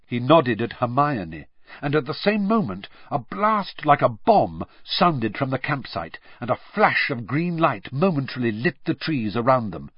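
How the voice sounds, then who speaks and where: Lively male audiobook narrator, dull dry sound. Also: medium pitch, husky, no room sound. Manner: measured storytelling with lively swings. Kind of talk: scripted narration.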